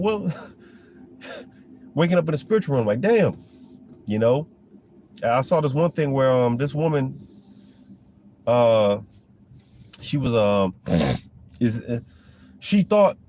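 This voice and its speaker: A man's voice: mid-range voice, mellow, a little hiss or hum. A man giving a casual, rambling preaching monologue about scripture, full of fillers and restarts. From Florida. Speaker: religious commentator.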